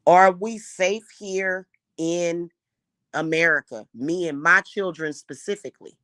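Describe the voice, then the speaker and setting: A woman's voice: fairly low pitch, a little slow, a bit bright, dry recording, clean studio sound. A middle-aged woman ranting to camera in a vlog. She sounds heated and profane, repeats herself and often restarts her sentences. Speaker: spiritual reader and spellwork vlogger. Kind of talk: unscripted angry rant to camera.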